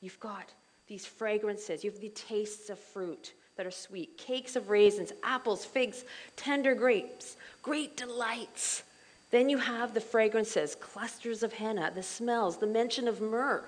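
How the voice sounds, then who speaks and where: A middle-aged woman leading a Bible study group in a chatty, animated way, full of asides and fillers. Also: fairly high pitch, a little slow, poor audio.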